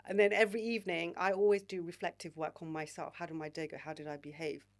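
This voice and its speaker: Woman in her 40s, lowish voice, frank and slangy, swears a bit, podcast guest chat. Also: flat delivery, fast. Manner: candid, swears freely, uses slang like babe and mate. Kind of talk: casual podcast interview.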